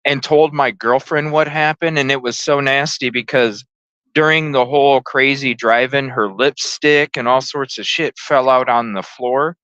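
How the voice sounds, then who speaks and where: A man's voice: medium pitch, steady tone, unhurried, pushed and bright, clean tone, dry recording, lo-fi sound. A man hosting a podcast, telling a story casually and animatedly, swearing and acting out the voices. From lived in Chicago. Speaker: podcast host.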